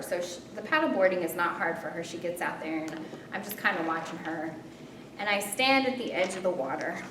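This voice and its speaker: A woman recounts a personal story with animated, self-mocking drama and pauses. She sits far from the mic in a reverberant room. A steady low rumble runs underneath. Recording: roomy distant mic with rumble.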